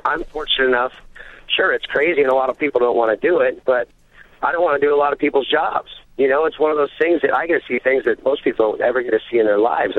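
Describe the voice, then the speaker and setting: A man's voice: medium pitch, no room sound. A man in his thirties, a fishing deckhand, talking casually as a guest on a phone interview, full of fillers and easygoing. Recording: phone line.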